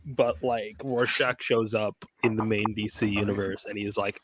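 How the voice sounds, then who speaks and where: A man's voice: fairly low pitch, fairly even intonation, moderate pace, background noise. A man in a casual group chat, hesitant and prone to trailing off.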